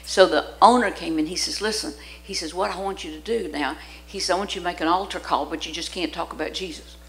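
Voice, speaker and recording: A woman's voice: on the low side, fast, fairly bright tone, a little hiss or hum, rough recording. An older woman preaching in church, telling stories with lots of energy, acting out the voices she quotes and laughing often. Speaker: guest preacher. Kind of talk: sermon with storytelling. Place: church sanctuary.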